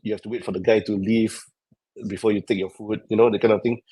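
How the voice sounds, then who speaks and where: Low-voiced pilot, hesitant. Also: male voice, level tone, fast, mellow, husky, no echo, low-quality recording. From Singapore. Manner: hesitant, many fillers and restarts. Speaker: airline pilot guest. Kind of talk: casual interview answers.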